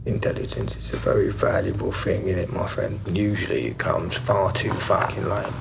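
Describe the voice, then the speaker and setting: A gravelly, volatile gangster. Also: male voice, deep voice, normal speed. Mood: threatening. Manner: mocking, swings between jovial and menacing. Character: volatile, menacing male London gangster baker. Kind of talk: TV crime drama acting. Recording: steady background noise.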